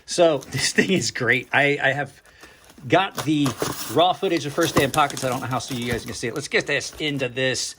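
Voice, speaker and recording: A man's voice: mid-range voice, normal speed, noisy background. Chatty man unboxing knives on camera. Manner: chatty, thinks aloud, trails off and restarts; dry sarcastic asides. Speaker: knife reviewer and channel host. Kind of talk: casual unboxing vlog.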